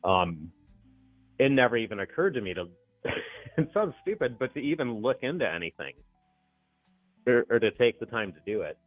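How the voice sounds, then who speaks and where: A middle-aged man calling in to a talk show, telling a story in a chatty, animated way and laughing easily. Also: mid-range voice, normal speed, long pauses, no room sound, soft background music. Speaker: caller. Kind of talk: casual phone call-in chat. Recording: tinny phone line.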